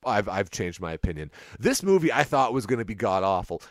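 Animated man ranting about a movie. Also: on the low side, a little fast, dry recording, clean studio sound. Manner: rambling, wry, animated with restarts. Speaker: podcast co-host reviewing a movie. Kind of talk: casual chat.

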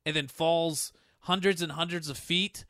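A man's voice: fairly high pitch, fairly even intonation, a little slow, pushed and bright, no room sound, studio quality. A man co-hosting a casual movie review chat, blunt and exasperated in his opinions. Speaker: podcast co-host reviewing a movie.

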